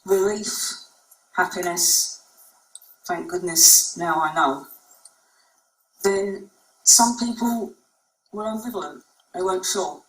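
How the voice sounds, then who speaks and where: A woman's voice: on the low side, slow, long pauses, a bit bright. A woman clinician giving a conference talk, speaking conversationally and unhurriedly with frequent ums. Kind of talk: conference presentation. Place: presentation room. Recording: echoey room, mic far off.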